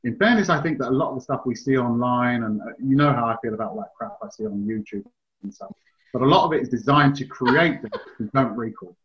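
A man with a mid-pitched voice talks dogs in a relaxed, chatty way. He explains his advice at length and sounds like a trainer answering a listener. The recording is a little dull and lo-fi. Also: brisk. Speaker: dog trainer, podcast host. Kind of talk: casual advice chat.

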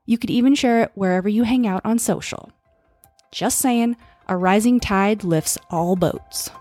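Woman podcast host, upbeat, scripted then chatty, mid-pitched voice, close dry sound, faint music behind. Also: normal speed, a little mellow, dry recording. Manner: upbeat, reads a scripted intro then chats loosely. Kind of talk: podcast hosting.

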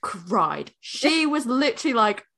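A young American woman co-hosts a casual beer podcast. Her voice sits high and swoops around a lot. She talks in an animated way, laughing often and cursing freely. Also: unhurried, background noise. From New England, US. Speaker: podcast co-host. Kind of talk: casual chat.

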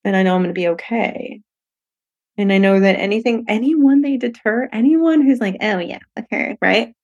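This woman's voice runs a bit high at a moderate pace, and the recording is muffled. Hosting her podcast solo, she rambles casually with candor and profanity, laughing often and acting out quoted lines in playful voices.

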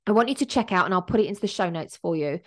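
A woman's voice: on the low side, animated, rapid-fire. Upbeat emotional woman podcaster. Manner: emotional, upbeat and motivational, with frequent fillers. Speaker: podcast host and business coach. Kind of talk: solo podcast monologue.

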